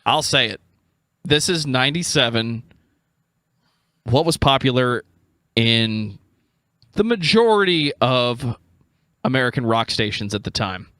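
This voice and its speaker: A man's voice: mid-range voice, lively intonation, unhurried, pauses often, bright, forceful tone, dry recording. A man hosting a podcast, chatting casually with dry, joking asides. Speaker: podcast host.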